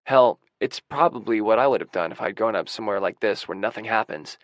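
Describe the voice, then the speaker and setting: A man narrating a first-person audiobook in a wry, gruff manner on a close studio mic. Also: fairly low pitch, brisk, no echo.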